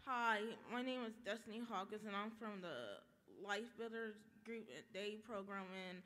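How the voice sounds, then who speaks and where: A young woman from Ohio reads a prepared speech at a public event. Her voice sits at a middle pitch, and her delivery is careful and measured. The sound rings out in a long, echoing hall. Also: a bit bright, a little hiss or hum. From Ohio, USA. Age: young adult. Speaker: self-advocate speaker. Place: large stone atrium. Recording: long echo of a large hall.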